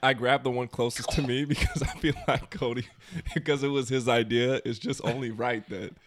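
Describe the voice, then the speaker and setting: A man's voice: mid-range voice, a little fast, a little hiss or hum. A young man co-hosting a podcast, trading dry, teasing banter in casual chat. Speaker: podcast co-host.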